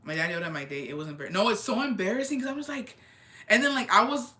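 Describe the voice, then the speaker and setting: A young woman casually and candidly retelling a family story, animated, with lots of "like" and quoted dialogue. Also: medium pitch, quick pace. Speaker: storyteller on a chat show. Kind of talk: casual chat.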